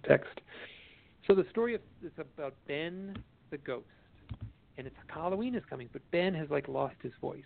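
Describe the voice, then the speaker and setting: A man, an author and guest expert, telling a story in an animated, rambling way with many restarts. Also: mid-range voice, gravelly, no echo. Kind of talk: storytelling interview chat. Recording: tinny phone line.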